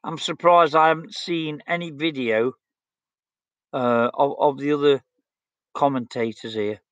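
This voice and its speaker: Unhurried and steady in tone, a man in his 60s from England hosts a stream, bluntly and outspokenly reading out viewer comments in a casual chat. His voice is a little high; the recording is dry with the highs cut off.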